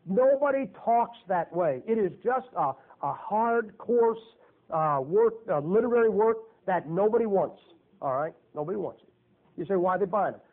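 A man's voice: high-pitched, expressive, normal speed. A man preaching a sermon in a folksy, joking and emphatic way. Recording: tinny phone-like lo-fi recording.

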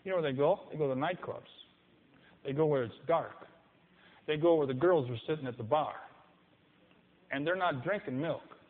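A man's voice: on the high side, moderate pace, pauses often. A man preaching a sermon with passion, acting out the people he quotes. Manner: impassioned, mimics people in quoted voices. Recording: echoey hall, tinny phone-like sound.

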